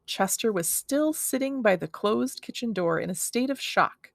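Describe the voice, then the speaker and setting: A woman reads a children's book aloud in a friendly, expressive way. Her voice has a gravelly fry underneath. The sound is dry and close, with no room echo. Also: a little high, normal speed. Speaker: read-aloud storyteller.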